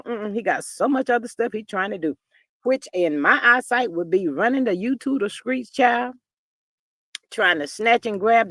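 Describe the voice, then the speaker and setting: A woman's voice: medium pitch, dry recording. Woman livestream gossip host, mid voice, drawling chatter, dead-dry mic. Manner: chatty, drawling, peppers talk with "child". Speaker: livestream host reading chat. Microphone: livestream computer mic.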